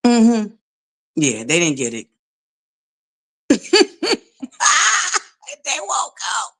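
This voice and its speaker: A woman's voice: mid-range voice, wildly swooping pitch, drawn-out words. Sassy, profane woman streamer, drawling. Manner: sassy, profane, mocking, laughs often. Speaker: commentary channel host. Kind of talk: live-stream commentary chat.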